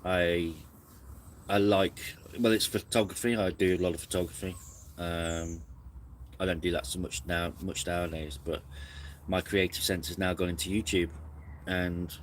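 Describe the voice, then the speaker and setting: A man's voice: deep voice, slight background noise. A man hosting a casual camping live stream, rambling and reflective, snacking between sentences.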